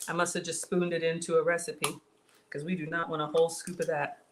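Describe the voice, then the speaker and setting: A woman's voice: deep voice, flat delivery, fairly quick, slight background noise. A woman hosting a casual cooking livestream, chatting with viewers about her food and reading their comments. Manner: chatty, reads viewer comments, says y'all.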